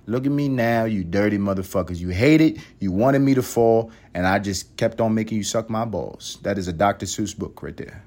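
A man from East Harlem hosting a podcast, delivering a crude, sarcastic comedic monologue that swings between loud mock outbursts and muttered asides. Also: on the low side, normal speed, hardly any pauses. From East Harlem, New York. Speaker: podcast host.

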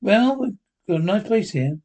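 A man reading the part of a talkative, friendly police desk sergeant who gossips briskly. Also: high-pitched, animated, darkish tone, voice pushed up. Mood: chatty. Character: affable male desk sergeant, talkative neighbour.

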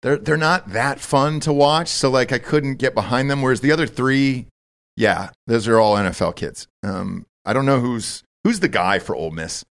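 A man's voice: medium pitch, moderate pace, gravelly. A young man hosting a casual sports betting podcast, talking loosely, joking and swearing often. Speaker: podcast host.

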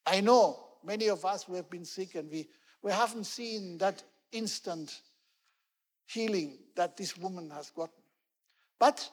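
A man's voice: high-pitched, big-room sound. A man preaching a sermon as pastor, telling the story earnestly and repeating key words for emphasis. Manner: earnest storytelling, fillers like "you know", emphatic repetition.

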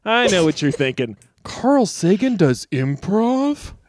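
A man's voice: sits high, sing-song, takes it slowly, a little hiss or hum. A man co-hosting a comedy podcast, running a mock-earnest quotation segment.

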